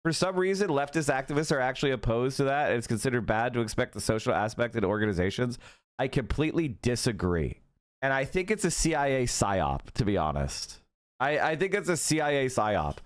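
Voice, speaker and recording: A man hosting a live stream, giving political commentary in an animated, profane rant full of tangents. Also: mid-range voice, fairly quick. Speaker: streamer host.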